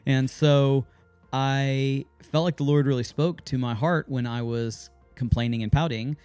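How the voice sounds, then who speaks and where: An earnest man co-hosts a family podcast, speaking in an even middle pitch. He turns thoughtful and halting when the talk gets serious, with faint music behind him. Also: clean tone, no echo. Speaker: podcast co-host. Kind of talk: casual family podcast chat.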